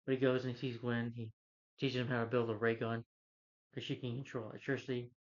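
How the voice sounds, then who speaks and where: A man's voice: medium pitch, level tone, fast talker. Rambling man reviewing a film, lo-fi. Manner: rambling plot retelling with many fillers and restarts. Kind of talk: casual spoken film review.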